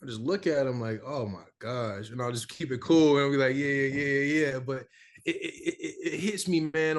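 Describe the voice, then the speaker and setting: A young man from the American South, an actor chatting casually in an interview, animated and full of repeated fillers. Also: medium pitch. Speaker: actor guest.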